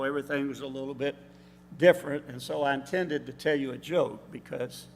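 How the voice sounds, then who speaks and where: A man's voice: a little high, sharp tone, a little hiss or hum. Man preaching in a reverberant church. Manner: measured, explanatory preaching with pauses. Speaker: substitute preacher. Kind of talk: sermon. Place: church sanctuary.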